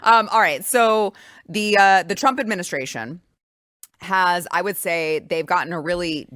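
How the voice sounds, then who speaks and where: A woman's voice: fairly low pitch, measured pace, fairly bright tone, no echo, clean studio sound. A woman in her thirties hosting a political talk show, chatty and joking with many fillers. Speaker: show host.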